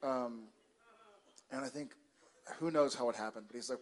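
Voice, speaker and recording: Soft-spoken man telling a family story. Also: medium pitch, steady tone, moderate pace, pauses often. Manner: soft, laid-back, understated delivery. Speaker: convention panel guest. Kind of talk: storytelling to an audience. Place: large convention hall with audience.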